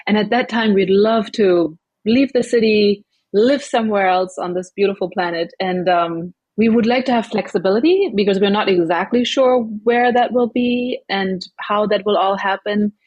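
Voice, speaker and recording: New woman, 40s, husky, friendly caller, dry sound. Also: mid-range voice, moderate pace, hardly any pauses, darkish tone, no room sound, lo-fi sound. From New York City. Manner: friendly, upbeat, a little giggly. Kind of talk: phone-in conversation.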